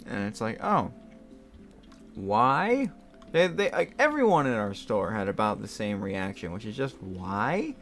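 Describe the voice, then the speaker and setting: A man's voice: lowish voice, sing-song, fairly quick, hardly any pauses, faint music behind. A young man hosting a gaming video, telling a rambling story with lots of fillers and frequent laughter. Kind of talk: casual storytelling while playing a game.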